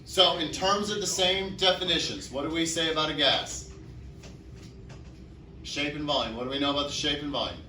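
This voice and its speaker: Male teacher mid-lecture; bright, forceful tone; asks and answers his own questions; mic far off in an echoey room. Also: fairly high pitch, normal speed, pauses often. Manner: asks the class questions and answers them himself. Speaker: chemistry teacher. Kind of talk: classroom lecture. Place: classroom.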